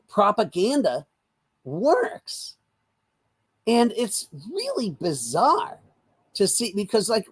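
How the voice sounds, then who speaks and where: Older man, from the United States, husky gravelly voice, lively rambling interview talk, slightly high pitch. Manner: animated, rambling with restarts and fillers. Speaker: guest commentator.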